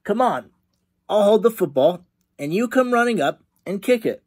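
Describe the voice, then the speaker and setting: A scheming little girl with a sweet, sing-song tease, put on by a man reading to children. The voice is raised high and swoops widely. She sounds bossy and sure of herself. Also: expressive, moderate pace, breathy edge.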